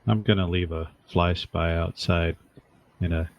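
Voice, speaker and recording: A man's voice: deep voice, steady tone, a little slow, creaky, no echo. A man playing a tabletop role-playing game, making dry, practical remarks in casual chat. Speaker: player. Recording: dull dry lo-fi audio.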